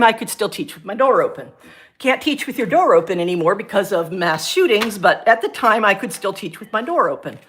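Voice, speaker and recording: Brief: middle-aged woman streamer, ex-teacher, lively ranting storyteller. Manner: animated, ranting storyteller with big pitch jumps. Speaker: livestream host, former science teacher. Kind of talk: casual chat on a livestream.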